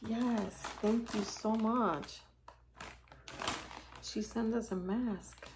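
A woman's voice: on the high side, steady tone, drawn-out words, noisy background. A middle-aged woman opening gifts on camera for her vlog, gushing and exclaiming as she thanks her viewers. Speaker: YouTube channel host. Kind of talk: casual unboxing vlog.

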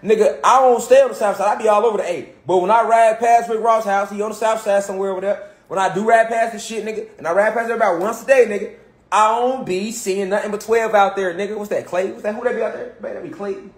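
Fast, high-voiced man ranting. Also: fairly even intonation, echoey room. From Chicago. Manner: emphatic, profane, repetitive street talk. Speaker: commentator. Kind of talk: impassioned rant.

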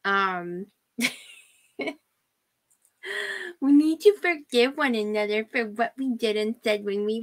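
A woman's voice: a little high, slow, pauses often. A woman hosting her own channel, ranting profanely with scornful, sarcastic mockery and frequent laughter. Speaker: channel host.

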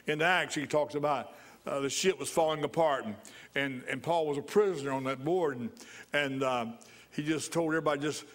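Preaching a sermon in church, this pastor has a voice a bit higher than most men's, with a fairly bright tone. He hammers his points home through repeated phrases and bursts into hearty laughter while urging joy.

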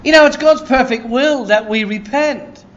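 A man preaching a sermon in a church, excitable and conversational, often asking "Hey?" and laughing. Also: extremely high pitch, normal speed, slight background noise. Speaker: pastor.

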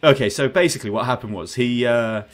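A man hosting a gaming podcast over voice chat, ranting in an animated, sarcastic way. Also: medium pitch, quick pace, faint music behind. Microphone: headset on voice chat.

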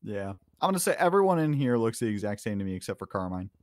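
A man's voice: on the low side, big pitch swings, fast talker, a little mellow. A young man in laid-back, playful role-play chat.

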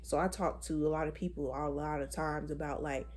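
A woman in her twenties talking in a casual, blunt and profane way, animated as she vents about dating. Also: deep voice, a little fast, breathy edge. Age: 20s. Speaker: vlogger. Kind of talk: casual chat.

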